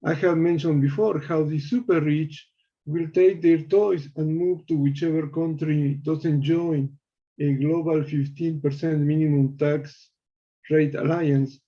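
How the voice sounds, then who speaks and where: A man calling into a show, reading measured prepared commentary with small slips. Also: a little high, steady tone, muffled recording. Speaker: caller.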